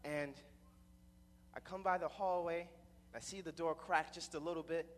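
A man's voice: fairly high pitch, fairly even intonation, moderate pace, in a large hall. A young man telling a personal story in a rambling way, with many repeated restarts.

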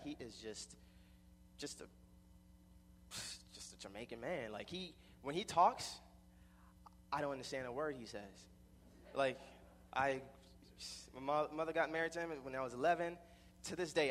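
A man's voice: medium pitch, a bit bright, big-room sound, a little hiss or hum. A young man telling a personal story in a rambling way, with many repeated restarts.

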